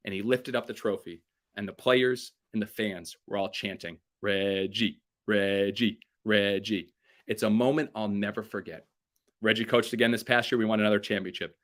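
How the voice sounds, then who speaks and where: A man giving a keynote talk, telling stories with energy and acting out what people said. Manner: energetic storyteller acting out quotes with big pitch jumps. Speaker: keynote speaker. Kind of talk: motivational storytelling keynote.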